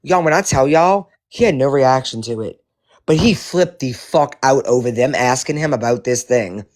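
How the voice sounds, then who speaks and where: A man giving casual commentary to his viewers, animated and profane, rambling with many restarts. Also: mid-range voice, normal speed. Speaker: live-stream commentator.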